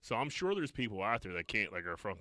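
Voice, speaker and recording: A Pittsburgh-accented man in casual podcast banter, low in pitch with a bright, forceful edge. He curses freely and tells stories with a joking tone, recorded dry and close. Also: sing-song, fast talker, no room sound. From Pittsburgh, USA. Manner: profane, joking, storytelling. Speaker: podcast co-host. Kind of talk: casual banter among friends.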